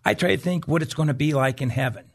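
A man's voice: fairly high pitch, fast, gravelly. A man co-hosting a Christian talk show, chatting casually and preaching to viewers, with many restarts and "you know"s.

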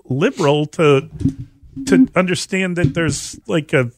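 Animated, incredulous male co-host. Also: on the high side, unhurried. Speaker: sports talk co-host. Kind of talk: sports talk show banter.

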